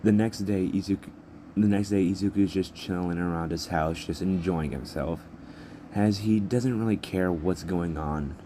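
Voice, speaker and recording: A man's voice: sits low, normal speed, mellow, a little hiss or hum. A man narrating an improvised fan story in a rambling, repetitive way with many restarts.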